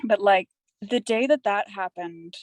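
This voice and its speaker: A woman's voice: medium pitch, measured pace, dry recording, poor audio. Chatty young woman guest, dry sound. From Canada. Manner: rambling, chatty storytelling. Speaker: podcast guest. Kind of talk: candid casual conversation.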